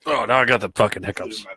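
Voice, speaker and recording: A man's voice: on the low side, husky, low-quality recording. A man hosting a podcast who tells stories in casual chat, swearing constantly and rambling bluntly. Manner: grows loud and heated when retelling arguments. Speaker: podcast host.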